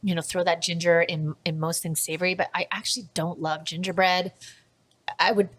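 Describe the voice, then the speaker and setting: A woman's voice: on the low side, level tone, fairly quick, a bit bright. A woman in casual conversation, chatty and enthusiastic, with frequent fillers. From Canada. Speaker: food tour operator and podcast guest. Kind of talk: casual chat.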